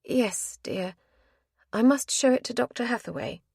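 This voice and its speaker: A woman voicing a direct, anxious gentlewoman who speaks in a raised, urgent tone. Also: fairly high pitch, animated, a little slow, gravelly, husky, no echo, studio quality, pitched above the performer's own voice, exaggerated voice.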